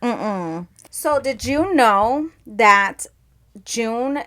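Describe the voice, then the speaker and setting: A woman's voice: on the high side, extremely slow. A young woman co-hosting a podcast, telling stories in casual chat and laughing through them. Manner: animated storyteller, laughs through her stories. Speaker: podcast co-host.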